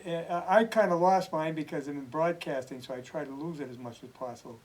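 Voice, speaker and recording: A man's voice: fairly high pitch, quick pace, darkish tone, low-quality recording. A man hosting a casual TV interview in an easygoing, chatty way. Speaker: TV host.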